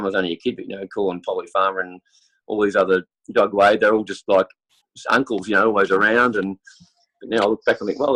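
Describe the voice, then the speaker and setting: A man's voice: lowish voice, a bit bright, poor audio. An Australian man with a cold, a podcast guest telling rambling stories in casual chat, full of fillers and restarts. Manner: rambling, chatty storytelling with many fillers. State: has a cold, clears throat. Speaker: interview guest, football superfan.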